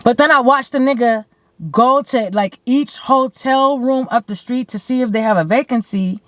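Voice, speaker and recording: A woman from California telling a story to her camera in a blunt, animated way, swearing freely and saying "like" often. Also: on the high side, moderate pace, no room sound. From San Bernardino, California. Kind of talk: casual storytime. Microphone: camera mic.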